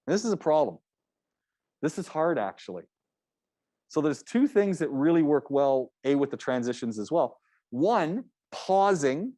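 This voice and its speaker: A man's voice: fairly high pitch, big pitch swings, measured pace, mellow, dry recording, studio quality. A man teaching a public speaking class, giving feedback in a loose, conversational way with frequent restarts. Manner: conversational, restarts often, coaching tone.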